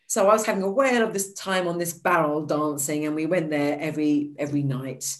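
A woman, a podcast guest, telling her life story in a lively, chatty way. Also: fairly quick, hardly any pauses, poor audio. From United Kingdom. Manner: lively storyteller, acts out quotes with high bright exclamations. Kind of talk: casual storytelling interview.

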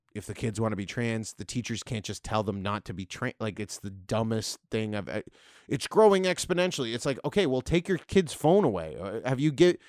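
A man's voice: on the high side, no room sound, clean studio sound. A man hosting a podcast, ranting in a rambling, sarcastic, profane way. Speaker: podcast host. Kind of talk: comedic podcast rant.

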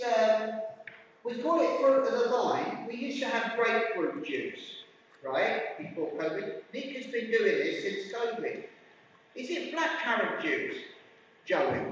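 High-voiced English preacher in a roomy hall. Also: male voice, animated, takes it slowly, long pauses, fairly bright tone, slight background noise. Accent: English, Hertfordshire. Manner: conversational, asks the congregation questions. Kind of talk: sermon. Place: community centre hall. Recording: distant, roomy hall recording, dull sound.

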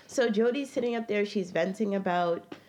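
A woman chatting as a guest, telling her story with animated energy. She acts out her own quotes and laughs easily, with an ordinary middle pitch. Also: moderate pace. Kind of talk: casual chat.

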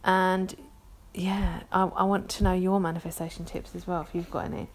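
A woman's voice: lowish voice, little pitch movement, moderate pace. A woman in her thirties with a London accent, chatting casually on her own podcast, rambling and self-deprecating with many ums. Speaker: podcast host. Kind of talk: casual solo podcast chat.

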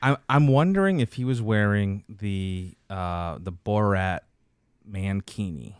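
A man with a somewhat low voice, chatting casually and telling stories at length. He rambles through them with lots of fillers. The sound is dry and close, with little room around it. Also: animated, slow pace, smooth, no room sound. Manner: rambling storyteller, acts out quotes. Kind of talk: casual chat about commercials and football.

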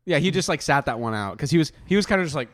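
This young man is a podcast co-host who spins his stories in loose, laughing chat. His pitch swings widely and sits a bit high. The sound is close and dry. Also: rapid-fire, no echo. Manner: animated storytelling, lots of laughing. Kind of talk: casual chat.

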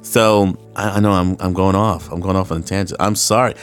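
A man with a low-pitched voice hosts a solo podcast and rambles from one tangent to the next. He swears freely, laughs often and puts on voices when he quotes people. Soft guitar music plays faintly behind him. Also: fairly even intonation, fairly quick. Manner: acts out voices in quoted dialogue. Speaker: podcast host.

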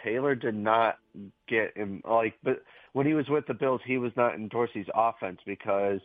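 A man's voice: medium pitch, moderate pace, no echo. A man calling in as a guest to a sports talk show, rambling through his points. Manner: rambling, loose train of thought. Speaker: phone-in guest. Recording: tinny phone line.

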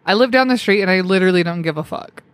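A woman's voice: lowish voice, quick pace, no room sound. Blunt woman swearing freely in chat. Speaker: podcast guest. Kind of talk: casual chat.

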